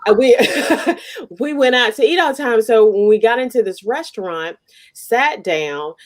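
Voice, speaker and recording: Woman host, casual chat, animated storytelling with a lively, swooping voice, frequent laughs. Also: on the high side, a little slow. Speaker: podcast host.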